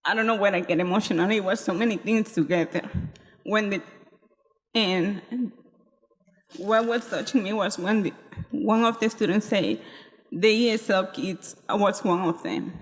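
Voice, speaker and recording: A woman giving public comment at a school board meeting, halting and emotional, apologizing as she speaks. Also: medium pitch. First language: not English. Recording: reverberant hall.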